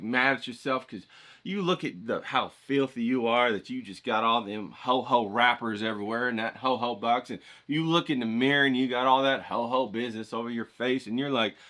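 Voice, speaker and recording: Man, bright tense voice, folksy preachy rant, swears a lot. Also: medium pitch. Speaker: art streamer. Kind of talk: casual motivational rant.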